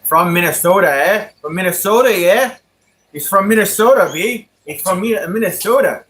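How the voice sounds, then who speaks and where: A man's voice: high voice, expressive, normal speed, a bit bright, pitched above the performer's own voice. A man putting on a teasing, sing-song Minnesota-style voice.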